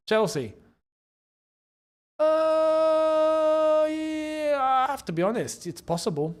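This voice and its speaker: An extremely high-pitched young man with a London accent speaks slowly, his pitch swinging widely. He hosts a live football watchalong with casual commentary, laughing often and reading out viewers' super chats.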